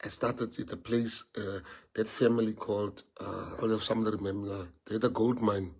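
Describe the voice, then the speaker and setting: A man's voice: on the low side, fairly even intonation, a little fast, vocal fry, darkish tone, husky. A South African man whose first language is Afrikaans, giving an emotional, rambling livestream address to party members and piling up rhetorical questions.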